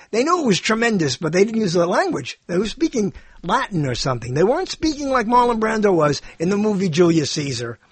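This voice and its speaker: An older man with a high, husky voice, talking off the cuff as the host of his own show. He wanders from one thought to the next, joking and puzzling over word meanings. The recording is close and dry, with no room sound. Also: dry recording. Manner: digressive, joking, muses aloud about word meanings. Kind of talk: rambling casual monologue.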